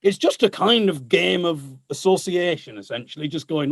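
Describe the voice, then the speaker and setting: A man's voice: on the high side, animated, normal speed, dry recording, studio quality. A man, a guest musician chatting casually and laughing often at himself. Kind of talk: casual chat.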